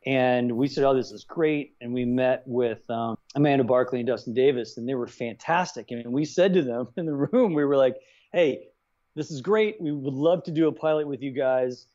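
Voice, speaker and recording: A man's voice: mid-range voice, moderate pace. A middle-aged man, a writer-director guest, chatting in an interview and acting out quoted dialogue as he tells stories. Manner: animated, acts out quoted dialogue. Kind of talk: casual interview storytelling. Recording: dull lo-fi sound.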